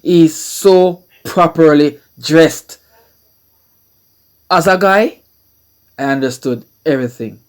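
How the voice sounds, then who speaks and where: A Jamaican man hosting a music reaction video, talking in awed bursts and repeating himself. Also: fairly high pitch. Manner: slow, awed, repeats words, breaks into exclamations.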